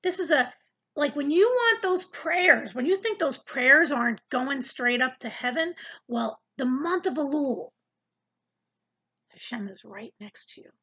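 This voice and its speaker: A woman's voice: high-pitched, lively intonation, measured pace, fairly bright tone, lo-fi sound. A woman giving a casual, earnest Bible study lesson, talking conversationally and often repeating words as she searches for the next thought. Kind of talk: casual Bible teaching to camera.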